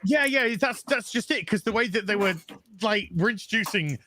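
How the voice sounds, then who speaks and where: A man talking casually on a livestream panel, blunt and swearing freely, and mocking others with quick impressions. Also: high-pitched, pushed and bright, slight background noise.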